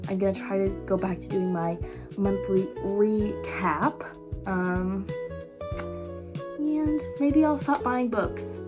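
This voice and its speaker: Casual, rambling woman book vlogger, excitable and quick to laugh, average pitch, faint music behind. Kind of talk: casual chat.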